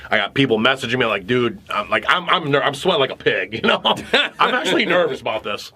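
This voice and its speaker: A man co-hosting a casual podcast chat, telling a story in an animated, profane way. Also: mid-range voice, fairly quick, slightly rough. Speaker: podcast co-host.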